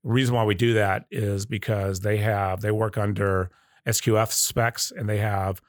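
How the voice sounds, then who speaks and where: Guest man from the South, low-pitched storyteller, close and dry. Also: level tone, moderate pace, no echo. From Southern United States. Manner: storytelling, acts out customer quotes. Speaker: guest, coffee company leader. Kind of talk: casual podcast interview.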